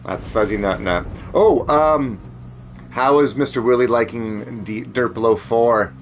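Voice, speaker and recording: A man's voice: medium pitch, measured pace, soft background music. A man chatting casually as a streamer, rambling, joking and swearing freely. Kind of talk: casual chat.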